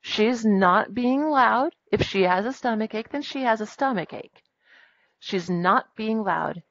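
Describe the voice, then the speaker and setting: A woman teaching a grammar lesson in a classroom, brisk and firm with her students as she dictates punctuation aloud. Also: a little high, lively intonation, fairly bright tone, lo-fi sound.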